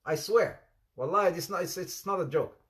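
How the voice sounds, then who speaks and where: A man giving an informal sermon, telling anecdotes in an animated way with laughter and repetition. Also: high-pitched, brisk. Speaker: Islamic preacher.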